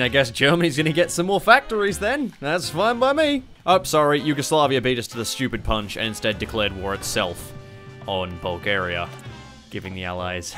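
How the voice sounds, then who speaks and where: Sweary Australian man commenting on a strategy game. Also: mid-range voice. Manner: sweary, excitable, sarcastic asides. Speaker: gaming YouTuber. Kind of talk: casual gameplay commentary.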